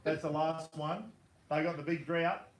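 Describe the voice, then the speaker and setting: A man's voice: on the high side, little pitch movement, a little slow. An Australian man hosting a casual outdoor live stream, matey and chatty while he cooks. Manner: chatty, matey, laughing easily. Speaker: host. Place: outdoor camp barbecue. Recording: crowd noise behind.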